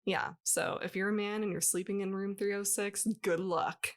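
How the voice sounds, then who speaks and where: A woman's voice: mid-range voice, flat delivery, moderate pace. A woman co-hosting a podcast, reading a ghost story in a loose, chatty way and often breaking into laughter. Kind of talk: casual podcast chat, reading a written story.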